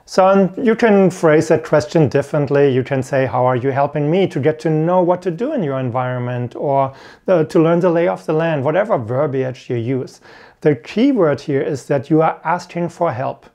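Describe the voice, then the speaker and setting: A man's voice: fairly high pitch, normal speed, warm tone. A man giving an earnest talk to camera as an IT career coach, repeating his key points. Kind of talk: instructional video talk.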